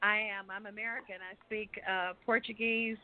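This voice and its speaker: A woman's voice: medium pitch, fairly even intonation, moderate pace, no echo. An older woman with a Texas accent, a guest on a talk show, chatting in a rambling way and laughing often. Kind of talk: casual chat on a radio talk show. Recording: tinny phone line.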